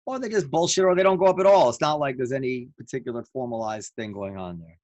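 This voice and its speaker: A man co-hosting a podcast over a video call, talking casually with many halting restarts. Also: medium pitch, darkish tone, dry recording, lo-fi sound. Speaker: podcast co-host.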